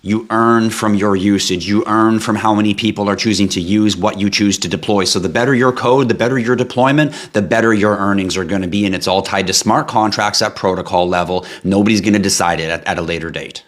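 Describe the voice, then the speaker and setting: A man hosting a live stream, giving a hype-driven sales pitch with asides and tangents. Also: brisk, few pauses. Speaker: live stream host pitching a blockchain project.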